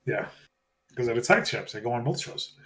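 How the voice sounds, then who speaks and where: A man's voice: medium pitch, moderate pace. A man co-hosting a podcast, casually recapping a show and acting out what people said. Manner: animated retelling, acting out quotes. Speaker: podcast co-host. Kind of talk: casual wrestling recap chat.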